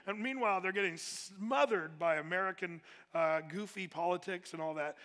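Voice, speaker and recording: A man's voice: sits high, moderate pace, hardly any pauses, sharp tone. A man preaching a sermon in a casual, conversational way, with plenty of fillers and restarts. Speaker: pastor. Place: church hall. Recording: echoey hall with long reverb.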